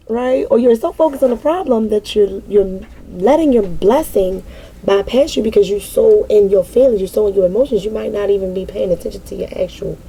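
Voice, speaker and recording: A woman's voice: a little high, creaky, warm tone, a little hiss or hum, poor audio. A woman in casual spiritual reflection, talking with a repetitive, emphatic, preacher-like cadence. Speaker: mother speaking to an online audience.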